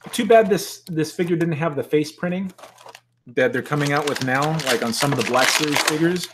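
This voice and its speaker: A man's voice: medium pitch, noisy background. A man chatting casually on a live stream at his desk at home, joking and greeting viewers in the chat. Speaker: toy collector hosting a live stream.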